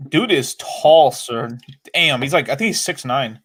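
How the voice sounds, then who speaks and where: A man's voice: mid-range voice, animated, measured pace, a bit bright. A man co-hosting a casual live-stream chat, loose and profane, often laughing as he talks. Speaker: co-host.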